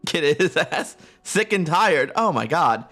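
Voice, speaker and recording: Slow-paced but very animated, this man's voice is on the high side with a sharp tone, and faint music can be heard behind it. He's chatting casually on a game live stream from his home room using a close desk mic, giggly and playful and prone to bursts of laughter.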